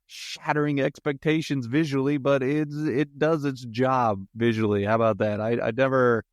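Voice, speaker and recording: A man's voice: mid-range voice, steady tone, moderate pace, no echo, clean studio sound. A man hosting a solo podcast, reviewing a movie in a jokey, rambling way with self-mocking asides.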